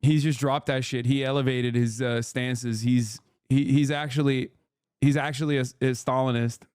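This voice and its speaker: Male streamer, casual political commentary, profane and mocking, smooth voice, dry close mic. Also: mid-range voice, flat delivery, normal speed, darkish tone, no room sound. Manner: rambling, profane, mocking, repeats himself. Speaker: streamer reacting to news.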